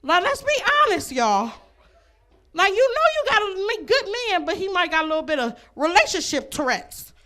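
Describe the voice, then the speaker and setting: A woman's voice: very high voice, sing-song, moderate pace, fairly bright tone. A woman doing a stand-up comedy set, brash and laughing between her jokes, on a comedy club stage.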